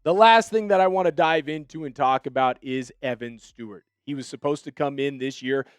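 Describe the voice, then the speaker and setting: A man hosting a sports show, giving emphatic, animated commentary and talking straight to his viewers. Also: mid-range voice, fairly quick, clear, resonant tone, no echo, soft background music.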